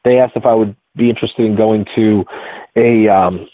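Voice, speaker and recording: A fairly low-pitched man in his forties rambles through a story as a guest, stopping and restarting his sentences. His voice comes through a narrow, tinny phone-like line. The sound is dry, with no room around it. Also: fairly even intonation, no echo. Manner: rambling, halting, many restarts. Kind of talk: casual storytelling.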